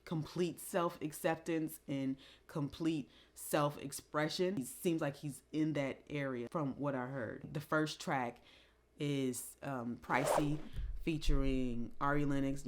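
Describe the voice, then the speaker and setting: A woman with a notably low voice talks through an album in a relaxed vlog. She muses slowly and reflectively, pausing and restarting as she thinks. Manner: reflective, musing, with pauses and restarts. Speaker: music commentary vlogger. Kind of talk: casual album review chat.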